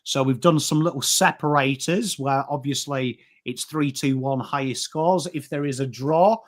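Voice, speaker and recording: An English man co-hosting a casual football chat, animated and rambling, often restarting his sentences. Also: mid-range voice, normal speed. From England. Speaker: co-host.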